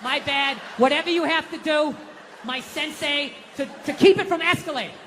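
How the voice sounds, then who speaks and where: A man with a Boston accent doing a profane stand-up rant on stage, dropping to low mutters and jumping to high outbursts. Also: moderate pace, long reverb tail, crowd noise. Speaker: stand-up comedian. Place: live venue with audience laughter.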